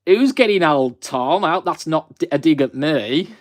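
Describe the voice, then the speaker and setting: A man's voice: fairly high pitch, lively intonation, normal speed, dry recording, studio quality. Chatty Black Country man in his twenties. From West Midlands of England. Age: 20s. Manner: friendly and rambling, with frequent fillers. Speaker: live-stream host. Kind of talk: chatty live stream, greeting viewers.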